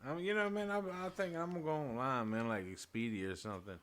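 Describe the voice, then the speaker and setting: A man's voice: mid-range voice, fast, a bit bright, clear, resonant tone. A man co-hosting a casual podcast, talking in a laid-back, slangy, profane way. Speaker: podcast co-host. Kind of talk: casual chat.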